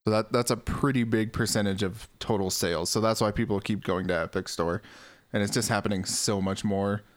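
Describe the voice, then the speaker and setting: A man's voice: on the low side, fairly even intonation, a little fast, no room sound. Laid-back man hosting a casual chat. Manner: laid-back, leads topics, laughs often. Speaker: podcast host.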